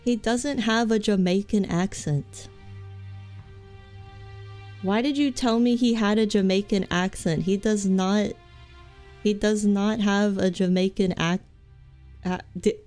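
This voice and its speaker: A woman's voice: mid-range voice, slow pace, long pauses, darkish tone, faint music behind. A young woman streaming a game, chatting in a rambling, goofy, self-mocking way with many restarts. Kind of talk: live game stream chat.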